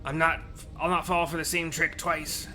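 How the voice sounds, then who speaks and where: A man voicing a menacing male robot head villain in a game story, making grand threats in a raised, louder voice. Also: fairly high pitch, little pitch movement, moderate pace, over music, voice pushed up, natural voice. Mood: defiant.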